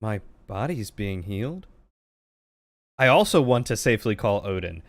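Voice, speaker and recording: A man's voice: lowish voice, sing-song, normal speed. A man casually commentating his game playthrough, joking and reading lines aloud. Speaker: streamer playing a game. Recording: game music underneath.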